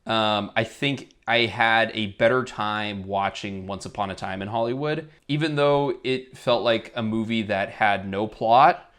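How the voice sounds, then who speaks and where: A man's voice: on the low side, fairly bright tone, clear, resonant tone. Jokey man in casual movie chat. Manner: jokey, quick to laugh, enthusiastic. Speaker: podcast co-host.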